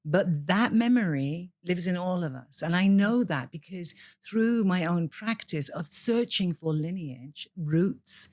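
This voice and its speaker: A woman's voice: lowish voice, lively intonation, measured pace, hardly any pauses, darkish tone, no room sound, studio quality. A woman from the UK, a priestess guest in a podcast interview, speaking in an impassioned, preacher-like way.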